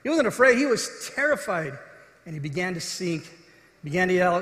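A man with a notably high voice delivers an earnest sermon, stepping into the voices of the scripture story. He sounds like he is in a large hall, his words trailing off in a long, roomy echo. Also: animated, brisk, fairly bright tone. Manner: earnest preaching, acts out quoted voices with rising intensity. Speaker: pastor. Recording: echoey hall.

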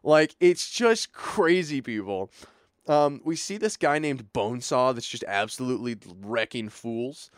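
A young man chatting casually as a podcast co-host, animated and full of filler words, acting out bits of dialogue. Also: mid-range voice, unhurried, dry recording, studio quality. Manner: animated, lots of filler words, acts out lines. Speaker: podcast co-host recapping a movie. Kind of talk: casual chat.

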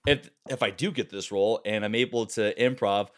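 A man's voice: fairly low pitch, brisk. A man, a voice actor, telling stories in a casual call chat, laughing often and slipping into character voices. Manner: animated, laughing storyteller who drops into character voices. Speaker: voice actor and co-host. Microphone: home call microphone.

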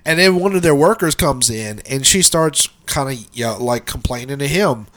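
A man's voice: mid-range voice, expressive, moderate pace, fairly bright tone. A man co-hosting a podcast, telling a rambling work story in casual chat, swearing often and laughing as he goes, with his allergies acting up. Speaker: podcast co-host.

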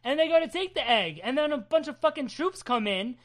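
High-voiced woman swearing through a comic recap. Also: a little fast. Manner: profane, laughing, animated storytelling. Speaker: comic book podcast co-host. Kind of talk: casual chat recapping a comic.

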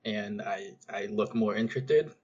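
A man's voice: fairly low pitch, measured pace, a little mellow, husky. A man playing in a tabletop game, speaking in a hesitant, rambling way. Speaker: player. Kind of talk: tabletop role-play. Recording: dull lo-fi sound.

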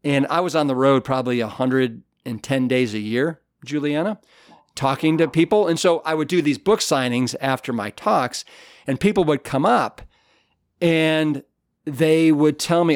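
A man's voice: fairly high pitch, measured pace, no room sound, clean studio sound. A man, an author being interviewed, telling stories in an earnest, enthusiastic way with many fillers and restarts. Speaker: author and guest. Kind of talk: conversational storytelling interview.

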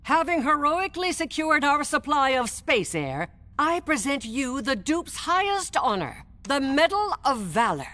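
A woman's voice: sits high, very animated, a little slow, bright, forceful tone, slight background noise, full character voice. A woman voicing a ceremonious female official who formally presents a medal to a captain in a cartoon.

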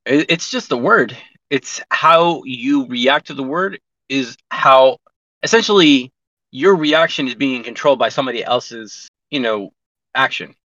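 A man's voice: medium pitch, expressive, unhurried, sharp tone, no room sound. A man in a casual podcast chat, talking candidly and profanely, rambling through many restarts. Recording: dull lo-fi recording.

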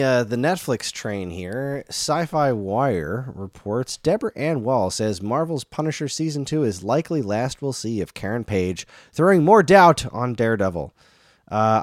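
A man's voice: mid-range voice, no room sound, studio quality. A man in his thirties co-hosting a casual chat show, rambling off on tangents. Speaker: podcast co-host.

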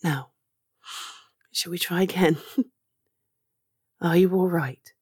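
A woman performing a comfort audio role-play, speaking gently and reassuringly to the listener and sometimes dropping into a whisper. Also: on the low side, slow pace, slightly rough, dry recording, clean studio sound.

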